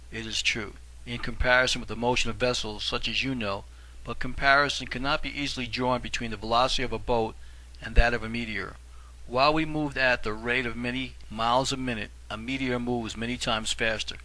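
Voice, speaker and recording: A man voicing an aged, scholarly guide who speaks softly and courteously in an audiobook. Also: mid-range voice, poor audio. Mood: explaining. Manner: soft, measured, polished. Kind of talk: audiobook reading.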